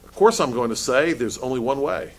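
A man's voice: mid-range voice, lively intonation, fairly quick. A man preaching to his congregation in a mid-range voice, firing off rhetorical questions. He often restarts his words as he presses each point home. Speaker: pastor. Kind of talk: sermon.

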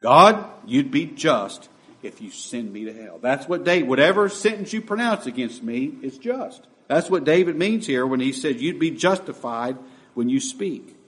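An impassioned male preacher delivering a sermon. His pitch rises and falls in lively swings, and he shifts from ringing emphasis to near-hushed asides. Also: moderate pace.

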